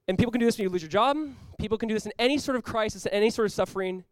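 Man, pastor, sermon, fast-paced, emphatic, repeats words, dry close sound. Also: high voice, clean tone, no room sound, low-quality recording. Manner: earnest, emphatic, repeats words while building points; acts out short quoted voices.

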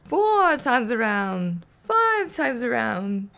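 A woman voicing a theatrical male vampire who loves counting, drawing out each number slowly and gleefully while reading a storybook aloud. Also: on the high side, very animated, vocal fry, a bit bright, voice pushed up, heavily acted. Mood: delighted. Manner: slow, drawn-out, gleeful counting.

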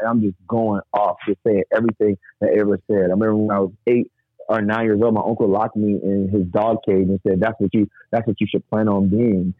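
A man recounts a painful chapter of his life in loose, rambling sentences, slipping into the voices of the people he quotes. His voice sits a little low. The sound is thin and dry, as if heard over a phone line. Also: level tone, fairly quick, no room sound. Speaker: guest. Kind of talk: emotional personal storytelling.

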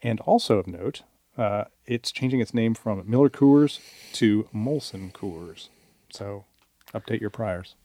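A man co-hosting a podcast from a radio studio, wry and halting, with frequent restarts. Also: on the low side, warm tone, no room sound. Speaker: podcast co-host, beer writer. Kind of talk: casual chat. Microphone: studio mic.

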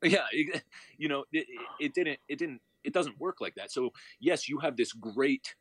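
A man's voice: medium pitch, moderate pace, slightly rough, no echo. Slangy man in his thirties. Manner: animated, slangy, storytelling. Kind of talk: casual discussion.

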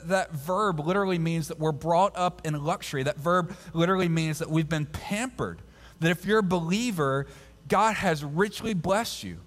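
A man, a pastor, preaching a sermon and repeating key phrases, slowing down to stress them. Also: on the high side. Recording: long hall reverb.

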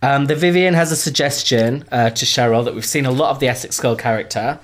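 A man's voice: mid-range voice, a little fast. A man hosting a casual podcast chat, dry and joking as he talks. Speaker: podcast host.

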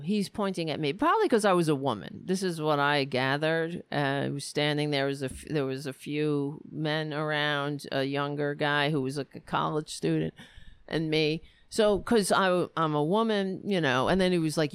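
A woman hosting a political show, telling a story in an animated, profane rant and quoting both sides of an argument. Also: low voice, moderate pace, clear, resonant tone, no echo. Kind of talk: casual ranting commentary.

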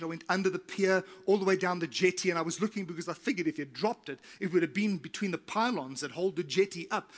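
A middle-aged man preaches from the pulpit, his voice high and bright. He tells a long story with energy, acting out what people said and repeating his points for emphasis. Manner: animated, acts out quotes, repeats key phrases. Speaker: pastor. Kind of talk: sermon with storytelling.

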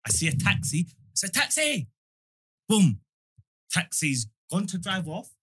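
Young man, lively husky storyteller, dry close sound. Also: high voice, normal speed, no echo. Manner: animated, acts out voices in his stories. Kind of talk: casual storytelling chat.

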